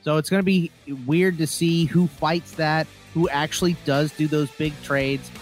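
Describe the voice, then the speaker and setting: A man co-hosting a sports radio show, talking in a relaxed, rambling way. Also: a little high, moderate pace, soft background music. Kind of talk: casual sports talk.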